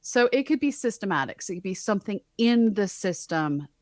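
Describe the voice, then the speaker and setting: A woman's voice: mid-range voice, expressive, normal speed, no room sound, studio quality. A woman co-hosting a casual science podcast as an astronomer, explaining with wry, sarcastic asides. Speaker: co-host, astronomer.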